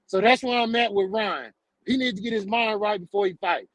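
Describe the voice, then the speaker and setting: A man's voice: high-pitched, fairly quick, dry recording, low-quality recording. A man hosting a casual sports talk show, talking emphatically in a ranting way and ending many lines with "man".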